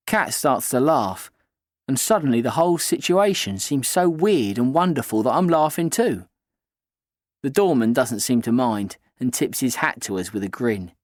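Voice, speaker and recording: Male narrator, mid pitch, dry close reading, steady storytelling. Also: no room sound. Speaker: audiobook narrator. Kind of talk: scripted first-person narration.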